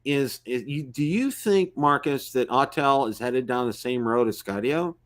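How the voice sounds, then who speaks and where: A man's voice: mid-range voice, expressive, measured pace. A man hosting a live-stream talk show about drones, rambling with many fillers and restarts. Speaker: host.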